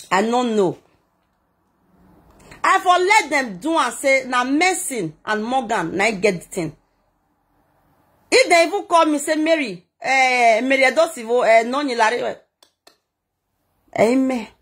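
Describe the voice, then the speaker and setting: A woman's voice: high-pitched, a bit bright. A woman vlogger telling a story in Nigerian Pidgin, talking dramatically and emotionally, with a scolding edge. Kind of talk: animated gist monologue.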